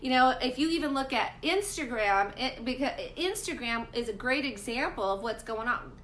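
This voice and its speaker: A woman hosts a casual live coaching chat for women in business. She talks to her viewers directly and with emphasis. Her voice is high and bright. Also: animated, moderate pace, a little hiss or hum. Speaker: host.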